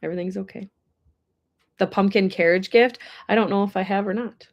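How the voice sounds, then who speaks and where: A woman's voice: mid-range voice, steady tone, fairly quick, highs cut off. Woman host, casual livestream chat, emotional and teary, talks to viewers by name. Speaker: horse ranch livestreamer. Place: indoors with air blowing.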